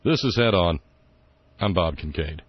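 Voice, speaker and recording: A man's voice: low voice, animated, measured pace, breathy edge, no echo, highs cut off. A man hosting a political talk radio show, indignant and sarcastic, rambling through his points with fillers.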